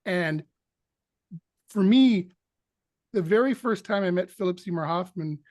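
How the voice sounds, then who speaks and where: Guy telling a story on a podcast, higher voice, dry close sound, acts out the bits. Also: measured pace, dry recording. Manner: animated anecdote teller, acts out quotes. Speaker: actor guest. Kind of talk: storytelling in an interview.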